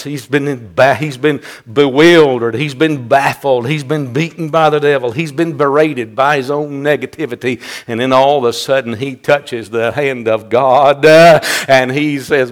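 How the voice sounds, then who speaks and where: A male pastor, preaching a sermon fervently and breaking into loud, high-pitched bursts.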